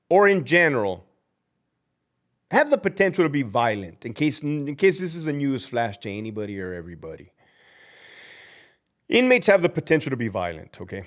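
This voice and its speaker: A man who works as a prison guard hosts a livestream, speaking bluntly, heatedly and profanely. He acts out the people he quotes, his pitch jumping sharply.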